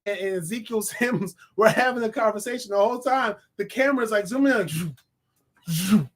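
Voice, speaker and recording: A man giving a casual, animated movie review, laughing often and talking in loose slang. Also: high-pitched, fast. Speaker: film reviewer.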